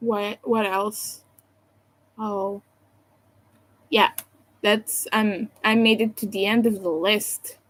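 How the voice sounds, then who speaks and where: A woman's voice: medium pitch, flat delivery, takes it slowly, pauses often, poor audio. A sleepy woman on a casual livestream from home, rambling and apologizing as she thinks aloud. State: sleepy, yawning.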